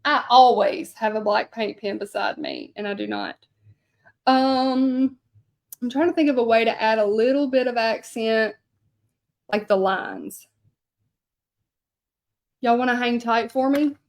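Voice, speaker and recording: A woman talks to her livestream audience while painting a sign in her home studio. Her voice sits a little high, and her chat wanders loosely between an anecdote and what her hands are doing. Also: lively intonation, unhurried, long pauses. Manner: chatty, rambling, talks to viewers as she works. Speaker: hand-lettering artist and channel host.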